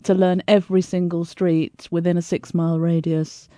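A woman, a tour guide on a radio show, explaining things in a measured, friendly way. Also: lowish voice, flat delivery, mellow, no room sound, studio quality. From London. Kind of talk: conversational radio interview.

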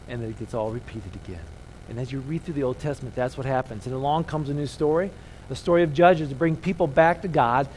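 A man's voice: on the high side, a little mellow, slight background noise, low-quality recording. A man preaching a conversational sermon, checking in with "okay?" and having the congregation repeat key phrases. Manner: conversational, leads call-and-response, frequent "okay?" checks.

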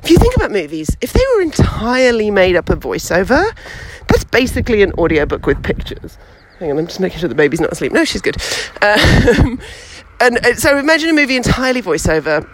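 A woman hosting a podcast, teaching storytelling in a lively, chatty way while she walks outdoors with her baby. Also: mid-range voice, a little fast, a little hiss or hum, poor audio. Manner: lively and chatty, with many fillers. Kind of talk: casual instructional talk. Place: outdoors, walking with a baby past traffic.

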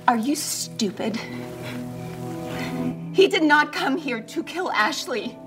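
An actress playing a grieving mother who is seething and shouting with anger, in a film scene with a music score. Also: high-pitched, expressive, takes it slowly. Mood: vengeful. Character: grieving furious mother, vengeful and drunk.

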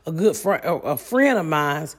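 A woman's voice: low voice, lively intonation, moderate pace. A woman in her forties with a Midwestern US accent, hosting a podcast in a brash, profane, comic solo monologue. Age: 40s. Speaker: podcast host.

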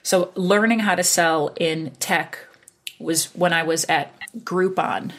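A woman in tech sales telling an animated story in casual conversation and acting out the dialogue. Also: on the low side, takes it slowly. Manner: animated, acts out quoted dialogue with laughs.

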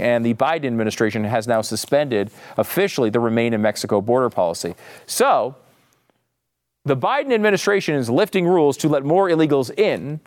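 A man's voice: mid-range voice, a little mellow. A male political talk show host delivering opinionated, sarcastic commentary with emphatic asides.

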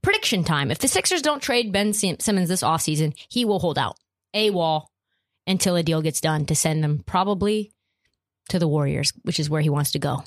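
A woman's voice: fairly low pitch, expressive, fairly quick. A woman hosting a podcast, ranting about sports in a blunt, profane and emphatic way. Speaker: podcast host. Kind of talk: opinionated sports podcast rant.

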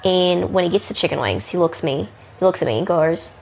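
A woman's voice: lowish voice, animated, brisk, gravelly. A woman with a mixed Kiwi and Northern Californian accent telling a casual, crude, rambling bar story full of fillers. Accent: Kiwi and Northern Californian mix. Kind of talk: casual spoken anecdote.

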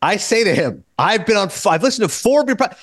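A man hosting a podcast, telling a story in casual chat, excitable and acting out the people he quotes. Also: high-pitched, dry recording, clean studio sound. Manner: rapid, excitable, acts out quotes. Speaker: podcast host.

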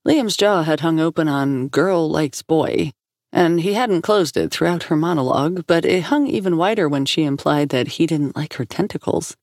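A woman's voice: deep voice, lively intonation, moderate pace, hardly any pauses, darkish tone, dry recording. A woman narrating a fiction series in a scripted style, close to the mic. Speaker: audiobook narrator.

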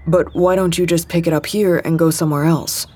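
A woman's voice: fairly low pitch, fairly even intonation, a little fast, darkish tone, slightly rough. Woman voicing a grumpy sleepy young man. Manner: grumbling, sardonic.

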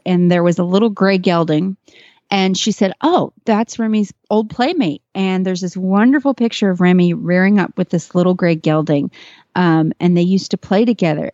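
A woman's voice: lowish voice, warm tone, no echo, highs cut off. A woman guest telling a personal story in a casual interview, earnest and emotional, with many fillers and restarts. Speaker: podcast guest, horse trainer.

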